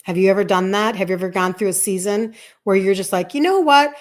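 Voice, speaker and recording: A fast-talking woman in her fifties with a mid-range voice works as a health coach. On a live stream, she chats animatedly through a personal story and performs snippets of dialogue.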